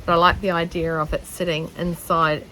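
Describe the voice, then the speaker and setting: A woman's voice: fairly low pitch, little pitch movement, brisk, fairly bright tone, a little hiss or hum, poor audio. A middle-aged woman with a New Zealand accent, vlogging casually as she sews outdoors on a shaded deck, rambling and joking at herself with lots of ums. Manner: rambling and self-mocking, with many ums. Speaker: sewing vlogger. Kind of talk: casual chatty vlog.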